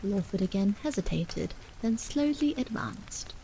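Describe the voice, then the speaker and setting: A woman reading a horror novel aloud as a bedtime story in a soft, slow whispered role-play, with rain falling behind her. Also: medium pitch, expressive, vocal fry, poor audio. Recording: faint rain noise behind.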